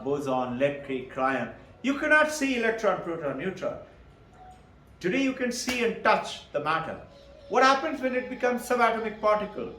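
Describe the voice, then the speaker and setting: High-pitched man lecturing, animated. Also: echoey room. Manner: asks rhetorical questions and answers them himself; animated, chuckles often. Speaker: spiritual teacher. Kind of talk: lecture on Vedanta.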